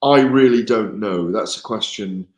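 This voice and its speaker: Rambling low-voiced man in a roomy space. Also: a little slow, dull audio. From Wales. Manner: rambling, self-correcting, amused. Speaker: boxing journalist. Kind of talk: casual live chat.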